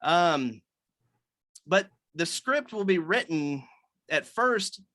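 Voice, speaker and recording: A man's voice: on the high side, animated, slow pace, pushed and bright, no echo. A man leading a writers' meeting on a video call, explaining things loosely with many fillers and restarts.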